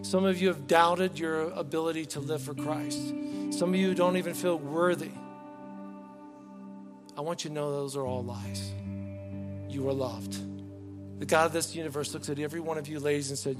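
A man's voice: on the high side, steady tone, normal speed. A man preaching a sermon as pastor, earnest and pleading, often restarting his words. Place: church sanctuary. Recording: long reverb, faint music behind.

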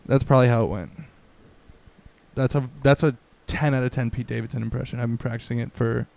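A man in his thirties co-hosting a casual podcast, rambling and joking with a lot of swearing and animated bursts. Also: mid-range voice, a little fast, gravelly. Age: 30s. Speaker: podcast co-host. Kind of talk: casual chat.

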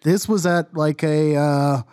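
A man co-hosts a casual sports podcast with a dry, sarcastic delivery. His voice sits a little high. The mic sound is close and dry, with no room echo. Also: fairly even intonation, slow, a little mellow, clear, resonant tone. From Arlington. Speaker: podcast co-host.

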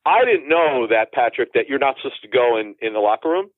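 Animated and brisk, a forties-aged football insider calling in tells rambling stories in a casual interview, frequently restarting and slipping in asides. His voice is mid-range, and the tinny phone audio is dry with no echo.

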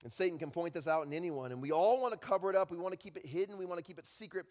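A male pastor preaching a sermon, telling stories and dropping at times to a hushed voice. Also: high voice, very fast. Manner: storytelling with sudden drops to a hushed voice. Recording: long reverb in a large hall.

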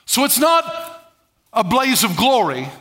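A male pastor preaching a sermon, calling on the congregation to repeat words and swinging between loud bursts and low muttered asides. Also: very animated, takes it slowly. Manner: preaches with call-and-response to the congregation.

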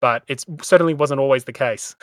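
A man hosting a history podcast, explaining things in a measured way with small stumbles. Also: medium pitch, no echo. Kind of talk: casual history discussion.

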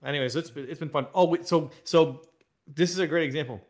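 A man co-hosting a podcast, telling travel stories in casual chat, animated and laughing a lot. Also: on the high side, fast. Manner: animated storyteller, laughs often. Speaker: podcast co-host. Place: travelling abroad.

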